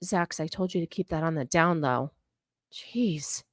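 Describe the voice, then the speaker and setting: A woman streamer reacting to clips in casual commentary, sarcastic and ranting, mocking and quick to laugh. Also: low voice, dry recording, clean studio sound.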